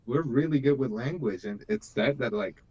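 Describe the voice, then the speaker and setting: A man's voice: mid-range voice, lively intonation, moderate pace, darkish tone, highs cut off. A man in his thirties, born in Iran, chatting emotionally and laughing often on a live stream. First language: Persian. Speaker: co-host. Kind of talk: casual live-stream chat.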